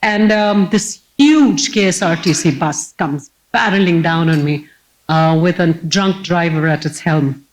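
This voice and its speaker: A woman, giving a humorous personal storytelling talk as keynote speaker on stage before a live audience, lively and self-mocking. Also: fairly low pitch, a little slow, rough recording.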